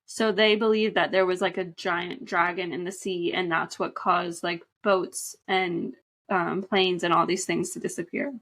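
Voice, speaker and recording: A woman's voice: fairly low pitch, fairly even intonation, measured pace, a bit bright. A woman co-hosting a podcast in casual chat, easygoing, asking questions and laughing along. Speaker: podcast co-host.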